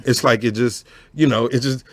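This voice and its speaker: Animated, profane male storyteller. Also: medium pitch, moderate pace, no room sound. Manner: animated, profane, laughs often, keeps asking "you know what I'm saying". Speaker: storyteller host. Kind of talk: casual storytelling chat.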